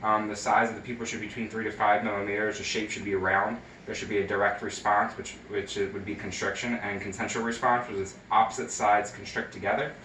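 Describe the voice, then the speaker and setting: A man's voice: lowish voice, flat delivery, fast talker, hardly any pauses, sharp tone, far from the mic, slight background noise. A young man, a nursing student, talking through a health exam step by step with frequent ums and uhs. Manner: hesitant, many fillers, explains each step. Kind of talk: recorded skills demonstration. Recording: echoey room, voice from off-mic.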